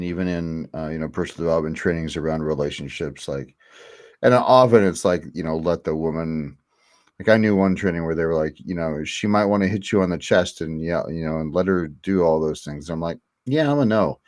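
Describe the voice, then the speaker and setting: Man, deep voice, middle-aged, casual chat host, rambling with fillers, dry recording. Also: fairly quick, a little mellow, no echo. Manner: candid, rambling with many fillers.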